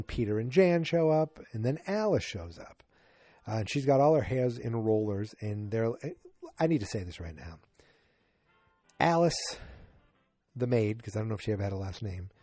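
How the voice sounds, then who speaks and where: Casting: man in his forties, podcast host, rambling and jokey, mellow tone, dry close sound. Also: medium pitch, no room sound. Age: 40s. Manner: rambling, jokey, acts out characters in quick bursts. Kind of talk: casual solo podcast recap.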